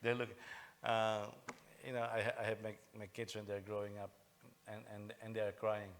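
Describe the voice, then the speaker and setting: A middle-aged senior pastor preaches in a lowish voice at normal speed, with a little hiss or hum in the recording. He's animated, jokes with the congregation, and often repeats and restarts his phrases.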